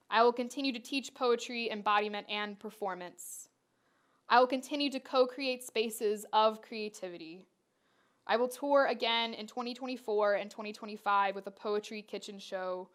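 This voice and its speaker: A woman's voice: fairly high pitch, a bit bright, smooth. A woman performance artist delivering spoken-word poetry in a rhythmic, incantatory way, repeating her refrains.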